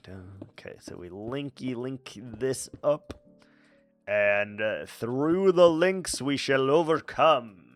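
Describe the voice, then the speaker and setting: A man's voice: mid-range voice, takes it slowly, faint music behind. A man streaming a game, chatting casually with silly, playful asides and mutters. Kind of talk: casual gameplay commentary.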